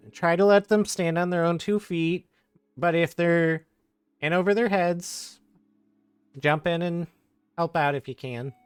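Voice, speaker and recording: A player voicing a caring guardian figure who gives slow, gentle advice in a tabletop game. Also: mid-range voice, smooth, dry recording, voice pushed up, close to an everyday voice.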